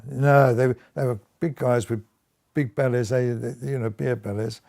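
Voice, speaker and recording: In a mellow mid-range voice with vocal fry, fairly even intonation, and a moderate pace, an older man recalls his wartime service. It's an oral history interview, and he tells his stories with occasional chuckles and restarted sentences.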